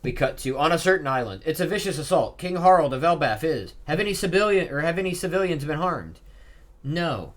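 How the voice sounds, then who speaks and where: A man's voice: fairly high pitch, lively intonation, brisk. A man reading a comic chapter aloud and reacting in a casual, chatty way, with fillers like "uh" and "like". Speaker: manga reaction vlogger.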